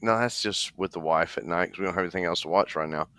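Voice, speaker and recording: A man's voice: sits low, fast talker, bright, forceful tone, smooth, no echo. A man co-hosting a casual podcast, chatty and jokey, often talking straight to his listeners. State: restless, leg bouncing while seated. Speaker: podcast co-host. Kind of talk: casual chat.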